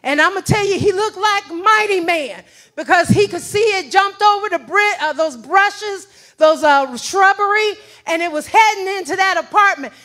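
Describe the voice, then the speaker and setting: A woman giving a testimony in church in a sing-song preaching cadence that breaks into shouts. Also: very high-pitched, moderate pace. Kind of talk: sermon testimony. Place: church sanctuary.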